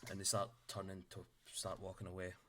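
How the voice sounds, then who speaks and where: A man narrates a tabletop game as game master, rambling a little with fillers. His voice is lowish and bright. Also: monotone, fairly quick, slight background noise.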